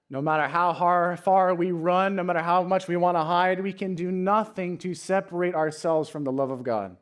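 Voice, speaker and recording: A young adult man with a notably high voice delivers a church sermon. He tells stories earnestly, sinking to near-hushed lines and then lifting into raised, emphatic passages. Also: expressive, normal speed. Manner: earnest, storytelling with dynamic swings from hushed to raised. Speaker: pastor.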